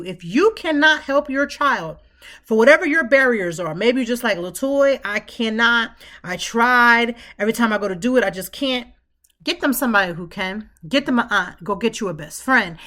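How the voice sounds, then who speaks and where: A woman hosts a podcast in a fairly high voice. She speaks emphatically, like a preacher, and repeats her phrases again and again to drive each point home. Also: fairly bright tone. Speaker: podcast host. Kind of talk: impassioned talk.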